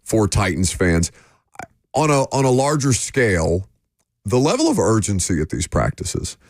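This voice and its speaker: A sports radio host with a very low voice, voicing opinions frankly and stumbling through restarts as he thinks aloud. The sound is close and dry, straight into a studio mic. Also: huge pitch swings, a little slow, a little mellow, no echo. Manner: opinionated, with frequent fillers and restarts.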